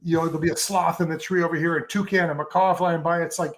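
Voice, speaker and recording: A man's voice: fairly high pitch, steady tone, fast. A man chatting as a photographer guest in an interview, telling long enthusiastic stories with lots of fillers and restarts. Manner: enthusiastic, rambling storyteller with many fillers. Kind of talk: casual interview chat.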